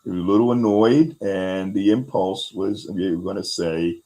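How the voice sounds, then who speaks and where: A man with a very low voice talks a guest through ideas about resilience. He keeps it casual, with plenty of fillers, and he briefly acts out little quotes as he goes. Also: fairly even intonation, unhurried, mellow, low-quality recording. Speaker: host. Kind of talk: explaining resilience skills in a conversation.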